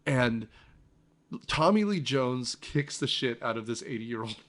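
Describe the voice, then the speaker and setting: A man's voice: mid-range voice, measured pace. A man hosting a casual movie podcast, recounting scenes with lots of energy and the odd swear. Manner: animated, swears, laughs while recounting scenes. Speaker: podcast host.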